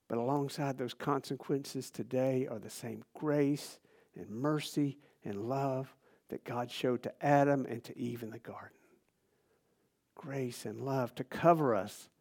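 Man preaching, slightly high voice, casual and animated, drops to near-whispers. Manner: animated, swinging between loud emphasis and hushed near-whispers; casual, conversational phrasing with restarts. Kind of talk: sermon.

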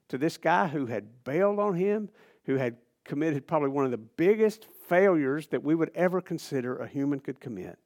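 A man preaching a sermon in a casual, conversational way, swinging between loud emphasis and hushed near-whispers. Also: on the high side. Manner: casual, conversational phrasing with restarts.

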